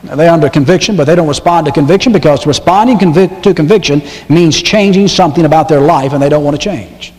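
A pastor preaches with emphasis, hammering his point by repeating key phrases and reading scripture aloud. His voice sits a bit high for a man. The sound carries the long reverb of a church sanctuary. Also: fast talker, hardly any pauses, darkish tone. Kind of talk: sermon.

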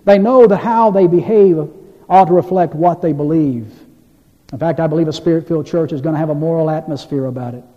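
A man's voice: a little high, dark tone. A man, a pastor, preaching a sermon in a church and reading scripture aloud with earnest emphasis. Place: church sanctuary. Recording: dull, echoey church hall recording.

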